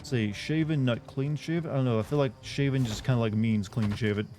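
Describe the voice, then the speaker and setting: A man's voice: medium pitch, a little fast, darkish tone, faint music behind. A man chatting casually while streaming a game, rambling and answering his chat. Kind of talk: casual let's-play chat.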